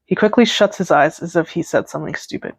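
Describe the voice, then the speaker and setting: A woman in her twenties reading her own old fanfiction aloud, narrating evenly and dropping in quick asides. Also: on the low side, gravelly, husky, dry recording. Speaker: aspiring author and vlogger.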